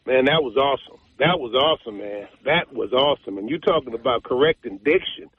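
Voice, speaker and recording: A man's voice: mid-range voice, animated, fairly quick, phone-quality sound, slight background noise. A man calling in to a radio show, telling a story with emphatic repetition. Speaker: caller. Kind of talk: phone-in conversation.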